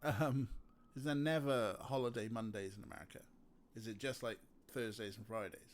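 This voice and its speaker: A man's voice: mid-range voice, fairly even intonation, normal speed. A man giving rambling, joking commentary while streaming a game. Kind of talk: casual gameplay commentary.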